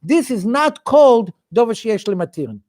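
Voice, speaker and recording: A man's voice: extremely high pitch, very animated, normal speed, darkish tone. A man with a Yiddish-inflected English accent, a rabbi teaching a weekly study class in a chanting cadence, often restarting his sentences. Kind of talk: Talmudic study lecture.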